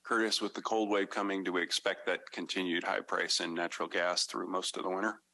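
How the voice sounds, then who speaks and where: A man on a board asks a question at a meeting in a very low, flat, quick voice. His tone is bright and sharp, and he sounds set back from the mic. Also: creaky. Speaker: board member.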